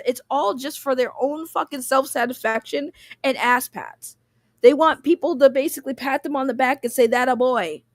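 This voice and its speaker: Female stream host, emotional and profane, slightly high voice, dry close-miked sound. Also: no echo. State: emotional, near tears. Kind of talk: livestream rant reading chat.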